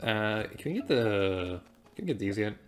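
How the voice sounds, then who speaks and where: Woman with an unusually deep voice, let's play host; chatty, wanders into side stories while gaming. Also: very animated, normal speed. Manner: chatty, rambling, goes off on tangents. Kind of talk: casual gameplay commentary.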